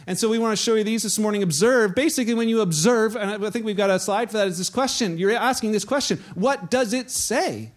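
A man's voice: high-pitched, quick pace, few pauses. A man preaching a sermon, telling fishing stories and acting out the voices of the people in them. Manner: storytelling, acts out quoted voices. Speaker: pastor.

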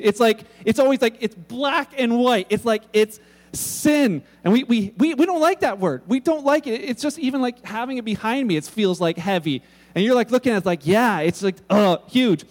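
Pastor preaching, casual and joking, very high voice, long hall reverb. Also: male voice, moderate pace. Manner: casual, humorous storytelling with many restarts. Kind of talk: sermon.

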